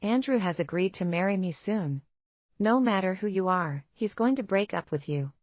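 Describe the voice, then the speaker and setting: A woman's voice: medium pitch, expressive, moderate pace, no room sound, muffled recording, lightly acted. A woman reading as a taunting rich fiancée. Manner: sharp, taunting. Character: scornful young woman, a rich rival fiancée.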